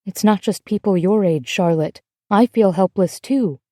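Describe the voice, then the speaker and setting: A cautious, protective grown woman, read by the audiobook narrator, calm and steady as she explains. The voice is warm and mellow, dry and close. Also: mid-range voice, a little slow, dry recording, lightly acted. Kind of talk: audiobook character voice.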